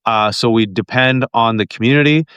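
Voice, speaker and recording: A man's voice: medium pitch, a little fast, a bit bright, clean tone, no echo, highs cut off. A man in his forties hosting a political podcast, casual and joking, full of "uh" fillers. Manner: joking, rambling, many "uh" fillers. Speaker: podcast host.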